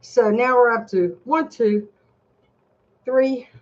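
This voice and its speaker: A woman's voice: on the high side, slow, highs cut off. An older woman vlogging a casual product review from her home desk, chatty and rambling as she talks straight to her viewers.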